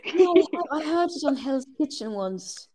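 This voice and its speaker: A woman's voice: sits high, expressive, moderate pace, over a noisy crowd. A woman with a Swedish accent, Swedish her first language, chatting as a podcast guest and often stopping and restarting as she searches for words. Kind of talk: casual podcast chat.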